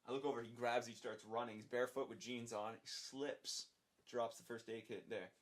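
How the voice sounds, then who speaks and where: Young adult male guest, casual storytelling, animated and profane, acts out dialogue. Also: mid-range voice, moderate pace. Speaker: podcast guest.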